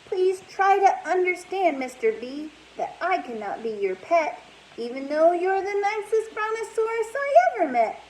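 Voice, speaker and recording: A woman's voice: very high voice, very animated, moderate pace, a little hiss or hum, pitched above the performer's own voice, poor audio. A woman voicing a bold, no-nonsense little girl who bargains firmly. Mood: surprised, pleading. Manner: firm, bargaining.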